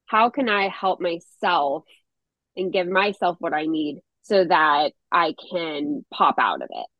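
A woman's voice: on the low side, very animated, slow, no room sound, muffled recording. A woman guest on a podcast, a mother, talking in an earnest, reflective way and laughing easily. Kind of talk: casual podcast conversation.

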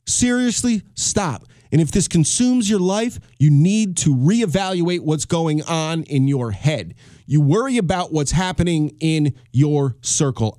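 A man's voice: sits high, a little mellow, no echo, studio quality. A man hosting a solo podcast, ranting with heavy swearing, repeating himself and restarting his sentences. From United States. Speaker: podcast host.

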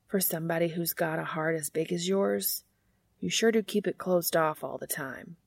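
A woman's voice: lowish voice, moderate pace, vocal fry, no echo, clean studio sound. A woman voicing an earnest younger brother who presses hard and gets exasperated.

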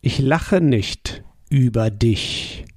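A man, a native German speaker, teaching a language lesson with patient drills and sample sentences spoken slowly. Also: medium pitch, lively intonation, darkish tone, breathy edge, dry recording, clean studio sound.

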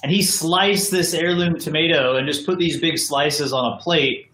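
A man's voice: on the high side, normal speed, sharp tone, roomy sound, low-quality recording. An American man, a podcast guest joining by video call, telling his story in a casual, rambling way full of "like" and "you know". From United States. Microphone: video call from home.

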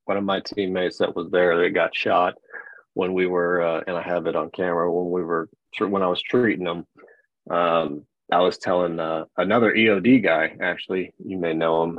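A man's voice: sits low, little pitch movement, normal speed, no echo. A man, a military veteran and guest, talking candidly in a frank, reflective and profane way. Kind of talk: candid conversation. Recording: dull, dry lo-fi sound.

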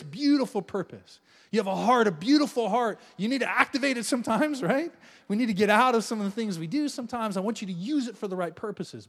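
A middle-aged male pastor delivers a sermon in a notably high voice that leaps all over the place. He is playful and animated, slipping into the voices of people grumbling at God and chuckling as he goes. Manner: animated, playful, acts out quoted prayers with laughs.

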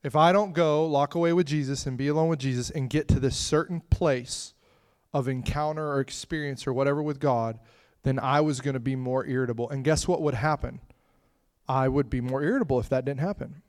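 Animated preacher man telling stories. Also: medium pitch, brisk. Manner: animated storytelling, swings from loud to hushed; conversational, laughing asides. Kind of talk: sermon.

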